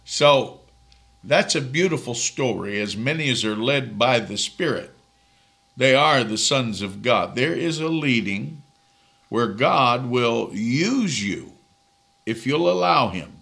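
A man's voice: medium pitch, expressive, sharp tone. An older man, a minister, preaching and chatting with viewers on a live stream. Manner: slow, gravelly, reads out viewers' names.

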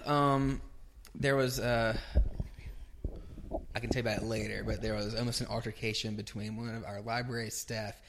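A man's voice: on the low side, level tone, normal speed, pauses often. Podcast guy teasing his buddies, asks nosy questions, faint hiss in the background. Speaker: podcast co-host. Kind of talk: casual chat.

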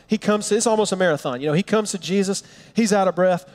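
A man preaching a sermon, telling a Bible story with animated storytelling and acting out the characters' lines. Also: high voice, quick pace, big-room sound. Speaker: pastor.

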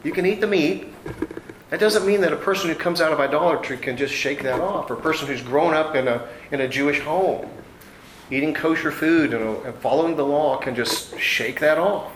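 A man preaching a sermon to a congregation, reading scripture and explaining it in a relaxed, conversational way with homey family anecdotes. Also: on the high side, slight background noise. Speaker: pastor. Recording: echoey room with faint ambience.

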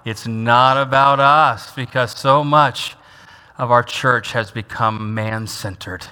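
Slow and steady, a medium-pitched male pastor preaches in a bright, forceful, clean tone. Emphatic repetition of key lines draws the congregation into saying them back, and the church hall's long reverb trails every word.

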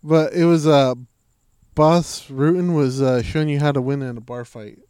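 A man co-hosting a casual podcast, telling stories in an animated way and swearing freely. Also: a little high, normal speed, smooth. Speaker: podcast co-host. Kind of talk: casual chat.

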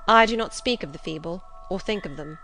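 A woman's voice: on the low side, brisk, a bit bright, a little hiss or hum. Woman voicing a stern zealous missionary man. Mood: solemn, earnest. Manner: solemn, insistent, preaching. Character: stern, zealous male missionary, relentless and austere. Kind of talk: audiobook character reading.

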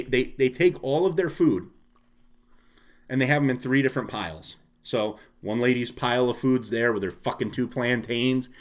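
A man with an ordinary mid-range voice rants through an angry story. He swears a lot and stays animated as he chats with a friend. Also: mid-range voice. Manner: profane, animated ranting. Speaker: storyteller in a casual chat. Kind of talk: casual chat.

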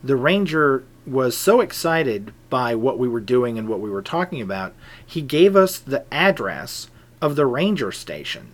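A middle-aged man calmly telling a personal story in a measured, conversational way, dropping into soft asides. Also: mid-range voice. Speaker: pagan group leader telling a personal story. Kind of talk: casual spoken anecdote.

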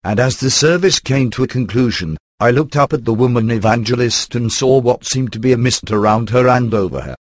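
A man reading a first-person book aloud in an even, computer-rendered narration. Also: medium pitch, a little fast, few pauses, dry recording. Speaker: audiobook narrator.

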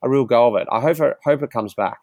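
Brief: male podcast guest, relaxed and plainspoken, mid pitch, dry close sound. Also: fast talker, vocal fry, no room sound, muffled recording. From Australia. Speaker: professional cyclist, podcast guest. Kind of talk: casual interview chat.

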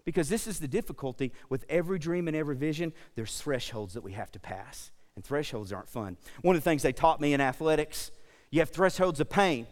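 A man's voice: fairly high pitch, animated, fairly quick. A man preaching a sermon, fervent and storytelling, asking the congregation questions. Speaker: pastor. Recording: long hall reverb.

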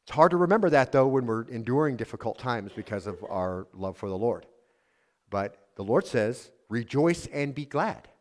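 A man preaching a sermon, earnestly asking his congregation questions and reading a letter aloud in a softer tone. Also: mid-range voice. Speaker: pastor.

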